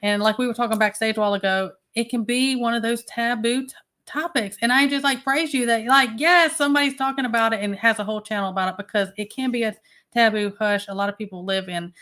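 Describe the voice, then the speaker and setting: A woman's voice: a little high, fast, a bit bright. A woman hosting a casual livestream, chatting and greeting viewers one by one by name. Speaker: livestream host.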